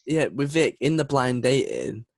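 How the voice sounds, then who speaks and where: A man's voice: mid-range voice, big pitch swings, unhurried, gravelly, no echo. Young man, chatty podcast co-host. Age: young adult. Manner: chatty and enthusiastic, laughs often. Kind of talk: casual chat.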